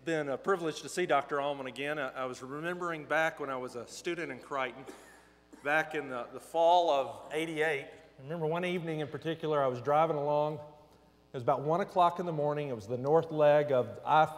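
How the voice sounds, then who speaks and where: Pastor in his forties, animated storyteller. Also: on the high side, fairly quick. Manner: animated storyteller acting out dialogue. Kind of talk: storytelling sermon. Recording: long reverb of a large hall.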